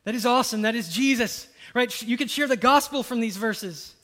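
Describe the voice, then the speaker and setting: Male preacher, higher-pitched, lively sermon delivery with big swings in volume. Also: normal speed. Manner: animated, swings from loud exclamations to hushed quotes.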